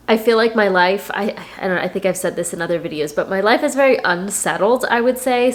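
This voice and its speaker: Congested woman with a head cold. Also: lowish voice. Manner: thinking aloud with restarts. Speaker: personal finance YouTuber. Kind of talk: casual talk to camera.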